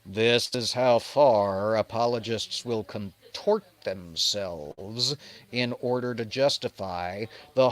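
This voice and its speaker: A man's voice: mid-range voice, takes it slowly. A man hosting a casual livestream commentary, sardonic and profane, mocking as he talks. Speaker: host.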